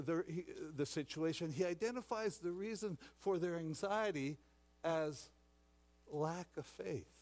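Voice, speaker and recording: Pastor preaching with rising intensity. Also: male voice, sits high. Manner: dramatic, acts out shouting disciples; repeats words, many restarts. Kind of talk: sermon.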